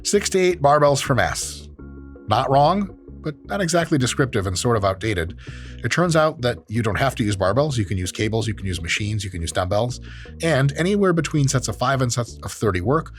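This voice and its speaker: A man's voice: medium pitch, very animated, brisk, faint music behind. A man who is an exercise science professor, hosting and giving joking, profane commentary on training clips. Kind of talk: casual commentary on training videos.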